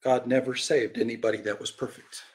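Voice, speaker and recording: In this Bible-study sermon, a male pastor speaks in a mid-range voice and moves fairly quickly. His storytelling is animated, with quoted voices acted out and sudden shifts from loud cries to hushed asides.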